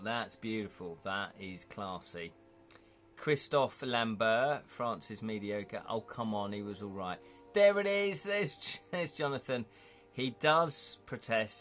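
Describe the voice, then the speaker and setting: A man's voice: fairly low pitch, fairly bright tone. A man chatting casually on a live stream, rambling a little and reading out viewer comments, from the United Kingdom. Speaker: streamer and illustrator.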